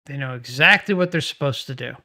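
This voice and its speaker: A man's voice: medium pitch, fast talker, bright, forceful tone. A man hosting a channel, commenting on testimonials in a musing, conversational way with sarcastic asides. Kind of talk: video commentary.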